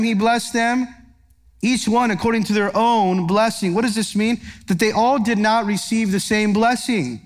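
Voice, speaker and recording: A male pastor preaching a verse-by-verse sermon, earnest and emphatic, putting rhetorical questions to his congregation. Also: sits high. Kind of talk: expository sermon. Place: church sanctuary.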